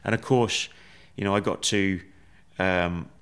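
A man, a podcast guest, telling his story in a measured, reflective way with many fillers. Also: low-pitched, steady tone, fairly bright tone, smooth. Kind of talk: conversational storytelling.

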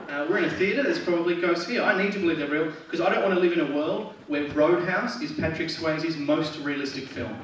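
An Australian man performs stand-up in a theatre, rambling and dry, with plenty of ums and restarts. His voice sits a bit high. It comes from a distant mic, with heavy noise in the recording. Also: fairly quick, few pauses, heavy reverb. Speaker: stand-up comedian. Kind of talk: stand-up comedy set. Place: theatre stage.

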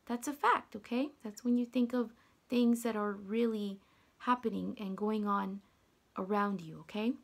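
Slow, husky-voiced woman teacher reading. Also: mid-range voice, fairly even intonation. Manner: gentle, drops to whispers, asks the children questions. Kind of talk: reading a picture book aloud to children.

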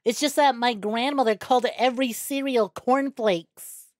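A young woman streaming a game, chatting casually with viewers, excitable and quick to swear. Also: fairly high pitch, no echo, studio quality. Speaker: VTuber streamer. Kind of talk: casual gameplay stream chat.

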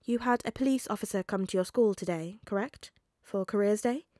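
A woman reading a fan story aloud, voicing a calm, controlled male FBI agent who speaks gently and evenly. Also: medium pitch, no room sound, studio quality, close to an everyday voice. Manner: gentle and measured.

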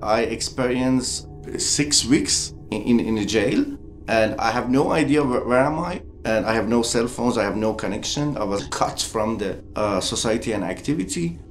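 A man from Iran, giving a documentary interview in halting English full of restarts. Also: medium pitch, animated, roomy sound, soft background music. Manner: halting non-native English with frequent restarts. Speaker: interviewee artist.

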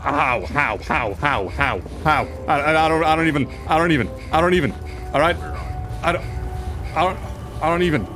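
A man commentating his own gameplay in a casual, profane and excitable way, reacting aloud to the game. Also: on the high side, moderate pace, music in the background. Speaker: gaming video host. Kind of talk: casual let's play commentary.

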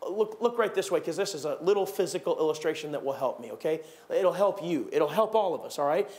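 A man preaching a sermon in a church, animated, acting out gossiping churchgoers with raised voices. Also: a little high, a little fast, hardly any pauses. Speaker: pastor. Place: church sanctuary.

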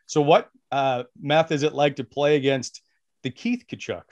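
A male podcast co-host asking curious questions casually, chuckling and pausing with "uh". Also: a little high, a little mellow, no room sound, muffled recording. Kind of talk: casual interview chat.

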